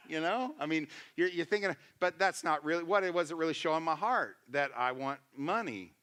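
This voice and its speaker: A man's voice: a little high, lively intonation, normal speed, hardly any pauses, bright, forceful tone. A male pastor preaching a sermon, conversational and emphatic, asking his congregation questions and acting out quotes. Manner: emphatic, acts out quotes in voices.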